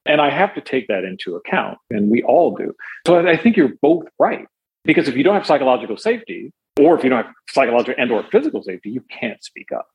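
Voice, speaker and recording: A man speaking on a panel as an animated storyteller who weighs in on the question. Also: medium pitch, quick pace, highs cut off. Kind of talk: panel discussion.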